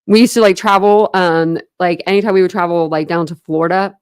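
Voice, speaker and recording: A woman's voice: fairly low pitch, fairly even intonation, a little fast, clean tone, no room sound, clean studio sound. A young woman from Ohio hosting a casual true crime livestream, rambling and chatty with lots of fillers and restarts. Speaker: true crime channel host. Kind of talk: casual livestream chat with viewers.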